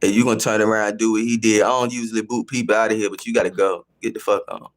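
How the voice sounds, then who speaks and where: This time the male host's voice is on the low side, rapid-fire and fairly even in intonation. His casual live-stream rant confronts and scolds the chat, with repeated phrases throughout.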